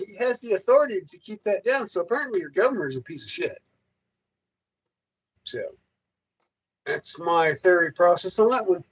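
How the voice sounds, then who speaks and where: A man talks on his livestream in a loose, rambling way, repeating himself and swearing constantly. His voice sits high, and he swings it up and down with a lot of animation as he grumbles. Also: poor audio. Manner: profane, ranting, heavy swearing. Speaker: livestream host. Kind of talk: casual rambling livestream monologue.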